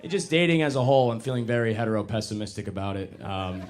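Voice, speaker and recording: A young man doing a stand-up comedy set on a club stage, self-mocking and animated, jumping into loud put-on voices. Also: on the low side, fast, a faint crowd.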